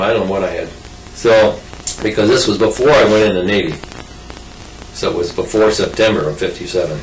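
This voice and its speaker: An older man with a fairly low voice, far from the mic, tells a rambling, folksy story about himself in a casual oral-history manner, often restarting and going off on asides. There's a little hiss or hum, and the sound is roomy.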